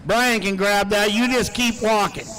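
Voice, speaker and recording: Bright folksy older auctioneer. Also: male voice, high-pitched, low-quality recording. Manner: folksy, rapid-fire auction chanting. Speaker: pull announcer and auctioneer. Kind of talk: live event announcing and auction chant. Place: outdoor raceway.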